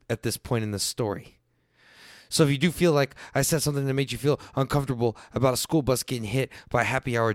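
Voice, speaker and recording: A man around thirty doing a profane stand-up style rant, swinging between loud bursts and low mutters. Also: no room sound, studio quality. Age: late 20s to early 30s. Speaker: comedian.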